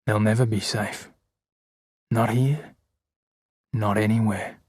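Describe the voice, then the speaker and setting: A man puts on a menacing villain for a storybook reading, hard and angry, who threatens and shouts. The voice is husky and dry. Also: on the low side, steady tone, takes it slowly, dry recording. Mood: threatening. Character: menacing male villain leader, grown man.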